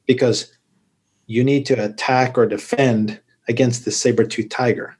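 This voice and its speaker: A man's voice: medium pitch, fairly even intonation, moderate pace, darkish tone, breathy edge. A man, a medical guest on a podcast, explaining things at length and livening them up with jokey stories. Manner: explanatory, tells joking stories. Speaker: urologist guest. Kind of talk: podcast interview.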